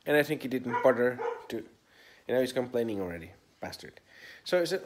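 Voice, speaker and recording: Lively man giving a mock tour. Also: medium pitch, a little fast, hardly any pauses, slight background noise. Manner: chatty mock tour-guide tone, puts on an unplaced accent. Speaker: comedian vlogger. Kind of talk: casual vlog walkthrough.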